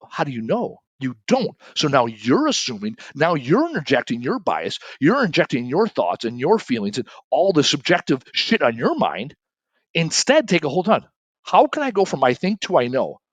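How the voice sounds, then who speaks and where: A middle-aged man giving a casual solo talk as an author, animated and self-correcting, acting out the people he quotes. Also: fairly high pitch, dry recording. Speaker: author and speaker. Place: home studio, shooting remote.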